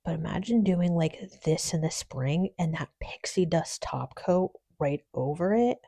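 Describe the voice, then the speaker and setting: A woman's voice: fairly low pitch, animated, unhurried, gravelly, warm tone. A woman hosting a casual nail product unboxing, gushing with little exclamations and sometimes dropping into a whisper. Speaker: nail channel host. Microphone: phone.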